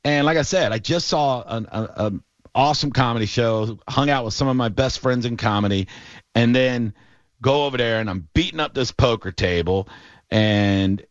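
A man hosting a sports talk show, telling a long story in a casual, animated way with lots of fillers. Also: mid-range voice, normal speed, no echo. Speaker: radio show host. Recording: dull, lo-fi and dry.

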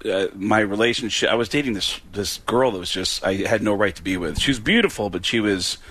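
A man's voice: lowish voice, fairly quick, a bit bright, a little hiss or hum. A man, a comedian guest, telling stories in a rambling, stammering way and laughing mid-story. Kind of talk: casual storytelling chat.

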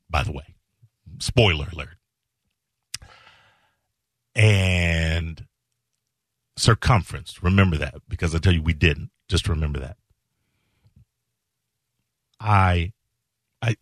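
A middle-aged man hosting a show, telling a personal story slowly and earnestly, with halting emphatic repetitions. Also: low-pitched, husky, dry recording, studio quality. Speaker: show host.

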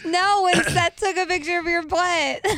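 A woman's voice: very high voice, fairly even intonation, a little slow, fairly bright tone, dry recording. A woman on a radio show laughing as she talks with the hosts in the studio. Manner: giggling, laughing while talking. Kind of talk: casual radio banter.

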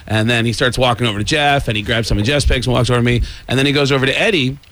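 A man who is a guest comedian, telling an animated comic story in an excitable way and now and then yelling as he acts it out. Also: medium pitch, rapid-fire. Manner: excitable, breaks into yelling and impressions.

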